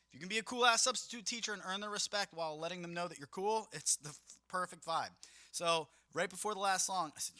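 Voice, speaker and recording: A man's voice: high-pitched, fast, dry recording. A young man, a DJ, casually recounting a wedding gig, acting out what people said and swearing freely. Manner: animated, acts out quotes, swears casually. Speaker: mobile DJ and podcast host. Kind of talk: casual storytelling monologue.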